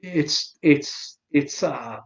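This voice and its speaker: A man's voice: fairly high pitch, creaky, poor audio. Sarcastic, swearing man in his forties. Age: 40s. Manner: sarcastic, profane, halting with many fillers. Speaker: livestream host. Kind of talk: casual livestream chat.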